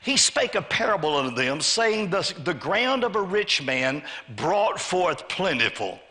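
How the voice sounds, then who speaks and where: A man's voice: a little high, bright, forceful tone. A man preaching a sermon to a church congregation, calling for amens and acting out the voices of the people in his story. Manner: call-and-response preaching, asks congregation to say amen; acts out voices of a greedy man and of God. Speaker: pastor. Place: church sanctuary.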